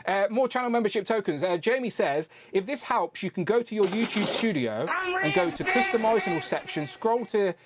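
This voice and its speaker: A man's voice: sits high, sing-song, a little fast, noisy background. A man hosting a toy-collecting live stream in a casual, rambling, chatty way, swearing freely.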